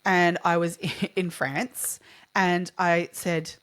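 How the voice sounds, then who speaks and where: An Australian woman co-hosting a true crime podcast, telling stories in animated, laughing casual chat. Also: fairly low pitch, very slow, clear, resonant tone. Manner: animated storyteller, laughs often. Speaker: podcast co-host.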